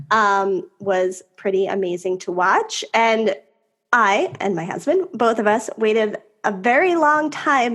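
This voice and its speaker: A woman co-host of a parenting podcast with a fairly high voice. She talks emotionally, laughing often and rambling quickly through her thoughts. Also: fairly bright tone. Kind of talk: casual podcast conversation.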